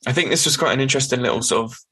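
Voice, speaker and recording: A man's voice: mid-range voice, rapid-fire, fairly bright tone, husky, poor audio. A man hosting a casual podcast, recapping comic plots in a rambling way with many ums and sort-ofs.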